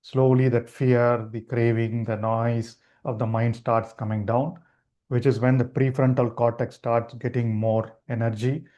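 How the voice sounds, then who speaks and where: A man leading a live online meditation class, explaining gently and unhurriedly with frequent restarts. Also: medium pitch, flat delivery, measured pace. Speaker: meditation teacher.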